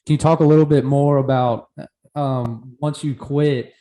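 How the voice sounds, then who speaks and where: Mellow, earnest male podcast host. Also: mid-range voice, steady tone, a little slow. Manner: earnest, encouraging, casual with "man" and "like". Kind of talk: casual interview.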